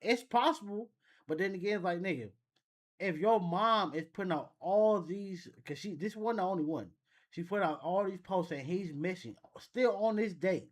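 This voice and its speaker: Dude reacting to a clip, kinda higher voice, rambles and restarts a lot. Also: male voice. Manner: rambling, thinks aloud with restarts. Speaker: reaction channel host. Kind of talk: casual reaction commentary.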